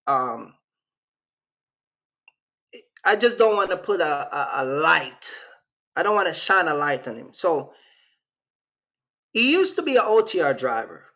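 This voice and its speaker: A man's voice: fairly high pitch, pushed and bright. A man from Jamaica with a Jamaican accent, hosting a casual livestream in a rambling, slangy way and reacting to his live chat. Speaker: channel host.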